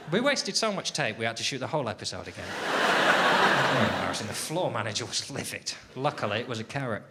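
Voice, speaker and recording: A man doing a stand-up routine on a club stage, self-deprecating and grumbling, dropping to mutters and rising to loud rants. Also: medium pitch, lively intonation, fairly quick. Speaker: stand-up comedian. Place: comedy club stage with audience. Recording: live stage recording with audible background noise.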